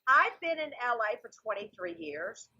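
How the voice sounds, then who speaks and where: A woman's voice: fairly high pitch, big pitch swings, moderate pace, pushed and bright, slightly rough, muffled recording. A woman in her forties with a Southern US accent, chatting animatedly on a comedy podcast. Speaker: comedian guest. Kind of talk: casual podcast chat.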